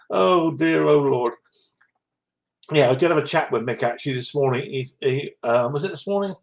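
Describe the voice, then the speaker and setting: A man's voice: on the high side, measured pace, creaky, pauses often. Guy chatting on his livestream, saying hi to everyone, chuckly and a bit breathless, dull lo-fi sound. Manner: chatty, chuckling, greets viewers by name. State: short of breath. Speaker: livestream host. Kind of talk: casual chat reading out live comments.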